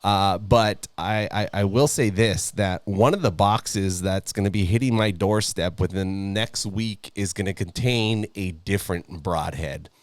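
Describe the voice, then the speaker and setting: A man co-hosting a podcast, talking in a relaxed, easygoing way with lots of fillers. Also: on the low side, unhurried, hardly any pauses, no room sound. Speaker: podcast co-host. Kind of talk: casual podcast chat.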